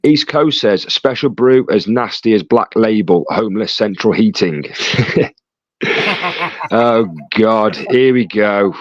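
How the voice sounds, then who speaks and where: A man hosting a live stream, reading chat messages aloud with quick joking asides. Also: fairly low pitch, expressive, no room sound. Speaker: livestream host reading chat. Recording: dull lo-fi dry sound.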